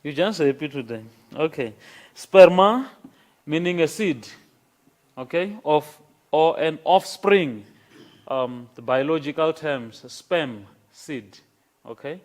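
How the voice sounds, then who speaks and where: A man gives a classroom lecture at a slow, deliberate pace. His voice sits a little high for a man. He repeats key words and keeps checking in with "okay?" as he teaches. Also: animated. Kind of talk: classroom lecture on Greek grammar.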